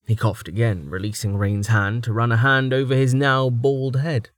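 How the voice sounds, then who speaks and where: A man narrating a fantasy audiobook in an even, measured storytelling manner. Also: medium pitch, dry recording, studio quality.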